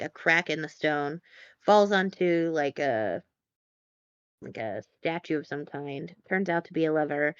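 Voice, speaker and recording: A woman's voice: fairly low pitch, smooth, dry recording, dull audio. A woman co-hosting a podcast, recapping a film in a casual, rambling way full of fillers and dry asides. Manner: rambling, filler-heavy, wry. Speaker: podcast co-host.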